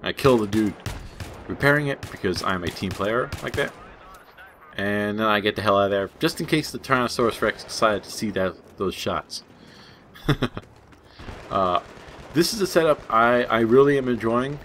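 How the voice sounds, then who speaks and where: A man's voice: on the low side, lively intonation, normal speed, pauses often, a bit bright, slight background noise. A young man giving casual gameplay commentary, rambling and jokey, laughing at his own asides. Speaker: gaming channel host.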